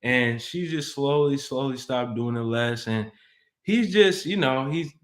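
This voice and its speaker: Relaxed man hosting an advice stream. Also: medium pitch, measured pace. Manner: relaxed, loose, filler-heavy phrasing. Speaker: co-host of a relationship advice live show. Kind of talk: casual live-stream chat.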